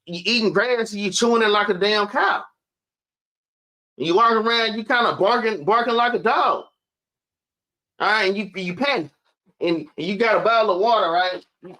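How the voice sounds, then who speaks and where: A man delivers a casual sermon in a high, bright voice, tagging his phrases with "man". He slows right down to read scripture aloud and sounds a little out of breath. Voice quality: casual preaching, repeats "man" at line ends. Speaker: teacher.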